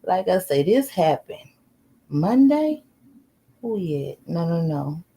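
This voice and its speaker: Laughing as she goes, a live-streaming woman spins a casual story for her chat, cursing freely and repeatedly asking her viewers questions. She's animated, with a voice on the low side that sounds gravelly and slightly rough, and she takes it slowly.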